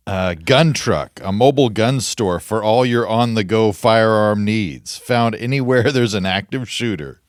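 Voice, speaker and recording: A man co-hosting a podcast, reading listener suggestions haltingly and chuckling at the jokes. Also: lowish voice, no echo, clean studio sound. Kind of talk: casual chat, reading emails aloud. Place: podcast studio.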